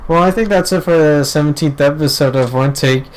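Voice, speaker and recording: A man's voice: a little high, brisk, poor audio. A young man hosting a casual gaming podcast, rambling with lots of fillers and casual swearing. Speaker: podcast host. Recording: faint background noise.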